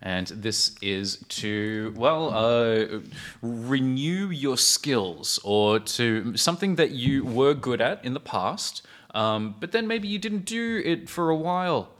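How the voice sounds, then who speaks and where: A young man co-hosting a podcast in casual chat, with brief dry quips and quick corrections. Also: medium pitch, lively intonation, fairly bright tone. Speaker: podcast co-host.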